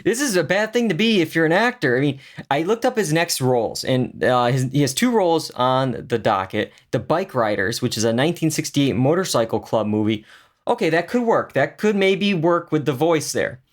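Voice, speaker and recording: A man's voice: fairly high pitch, lively intonation, moderate pace. Chatty male podcast co-host. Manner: chatty, jokey, uses many fillers. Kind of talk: casual chat.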